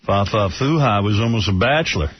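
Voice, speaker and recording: A male radio host talks in a crude, joking, casual way, his pitch swinging lively. His voice is a bit husky and the broadcast sound is muffled. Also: a little fast.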